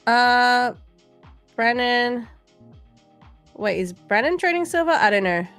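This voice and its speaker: A woman with a mid-range voice hosts a live stream in a loose, conversational way. She thinks out loud, fills pauses with ums and turns to answer her viewers' comments. Soft music plays faintly underneath. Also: medium pitch. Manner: thinks aloud with frequent ums, reads viewer chat. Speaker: host of a live trading stream.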